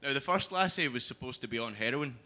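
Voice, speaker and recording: A young Scottish man doing a stand-up set in a comedy club, with a dry, deadpan delivery into a stage mic. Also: mid-range voice, fast. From Scotland.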